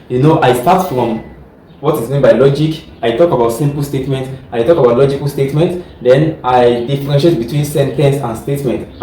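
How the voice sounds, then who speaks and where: A man's voice: medium pitch, mellow, reverberant, far from the mic, poor audio. A male teacher giving a lecture, repeating words and often asking the class whether they follow. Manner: keeps checking "are you getting what I'm trying to say?"; repeats and restarts words while explaining.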